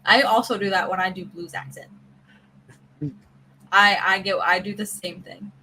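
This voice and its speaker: A woman from the American South hosting a podcast, chatting casually and telling stories with lively voice play. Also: medium pitch, normal speed, slight background noise, rough recording. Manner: chatty, animated storytelling with voice play. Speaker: podcast host. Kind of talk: casual chat.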